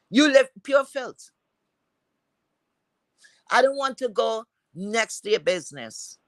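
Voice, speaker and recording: A woman's voice: mid-range voice, no echo. Woman host with an accent, angry profane rant, lectures like a mock teacher, dry close sound. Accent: has a non-standard accent. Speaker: livestream host.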